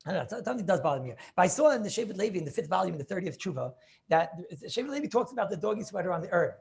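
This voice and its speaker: A man's voice: high-pitched, very animated, racing, vocal fry, a little mellow. A man teaching a Talmud class over a video call, thinking aloud with many restarts and questions to his students.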